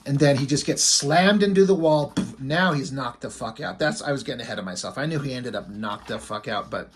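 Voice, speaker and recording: A man's voice: medium pitch, brisk, slight background noise. A man casually recapping a comic book story in a rambling, filler-heavy way, swearing freely.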